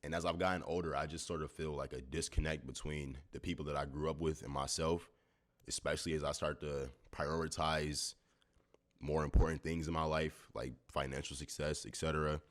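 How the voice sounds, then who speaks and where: Very deep-voiced young man, tired and reflective. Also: fairly even intonation. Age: young adult. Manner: soft-spoken, unhurried, thoughtful, with many fillers. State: a bit tired, early morning. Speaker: YouTuber. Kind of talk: reflective talking-to-camera vlog.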